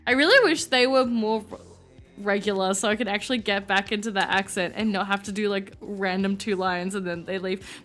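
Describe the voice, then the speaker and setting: A woman's voice: mid-range voice, fairly even intonation, brisk, fairly bright tone, faint music behind. Flustered, swearing young woman streamer. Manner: flustered, laughing, swears casually. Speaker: game streamer. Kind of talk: live-streamed game playthrough.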